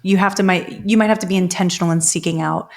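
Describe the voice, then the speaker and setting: A woman therapist co-hosting a casual podcast, thinking aloud in a relaxed and expressive way. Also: on the low side, fast. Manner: thoughtful, expressive, swears casually. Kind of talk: casual group podcast chat.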